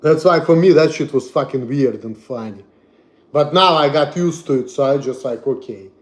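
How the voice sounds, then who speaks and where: A young man from Russia with a Russian accent, ranting bluntly and profanely on a livestream, repeating himself and swinging between loud and soft. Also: medium pitch, expressive, normal speed. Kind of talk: casual rant to stream.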